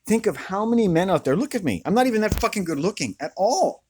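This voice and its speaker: A man with a squeaky voice ranting to camera outdoors in a furious, profane, confrontational way. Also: sing-song, fast, a little mellow, a little hiss or hum. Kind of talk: angry rant to camera.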